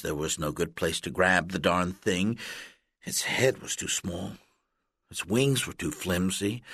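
Recorded up close on a studio microphone, a man reads a children's audiobook with deliberate, expressive storytelling. His low-pitched voice has a breathy edge, and there's no echo.

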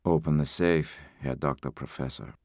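A man voicing a calm, menacing male intruder who speaks in a quiet, level, softly threatening way. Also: a bass voice, moderate pace, dry recording, studio quality. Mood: cold menace.

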